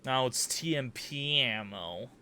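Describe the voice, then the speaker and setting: A man's voice: mid-range voice, animated, slow pace, sharp tone. A young man casually commenting and joking while playing a game, exclaiming and humming as he goes.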